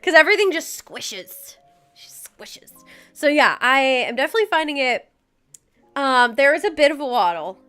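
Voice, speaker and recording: A woman's voice: high voice, sing-song, normal speed, bright, forceful tone, soft background music. A young woman hosting a livestream, chatting casually and giggling as she greets viewers by name. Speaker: livestream host. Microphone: desk mic with headphones.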